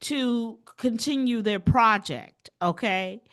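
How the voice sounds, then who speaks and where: A woman co-hosting a comedic news chat, animated and laughing often as she retells stories. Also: fairly high pitch, takes it slowly. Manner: animated, laughs often, tries silly accents. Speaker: co-host.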